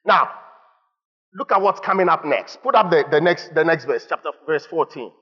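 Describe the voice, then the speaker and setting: A man preaching a sermon in an animated way, rising to shouts at times. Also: fairly high pitch, normal speed. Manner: animated, rising to shouts when voicing God. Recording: muffled sound in a reverberant hall.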